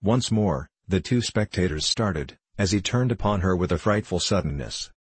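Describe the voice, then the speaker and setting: A man with a deep, husky voice reads a classic novel aloud with measured, solemn pacing. The recording is close and dry, with no room sound. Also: animated, no room sound. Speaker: audiobook narrator. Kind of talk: scripted narration.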